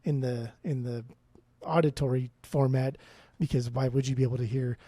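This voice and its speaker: Enthusiastic sweary podcast co-host. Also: male voice, mid-range voice, steady tone, moderate pace, dark tone, no room sound. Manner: enthusiastic, swears, talks in fits and restarts. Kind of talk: casual chat.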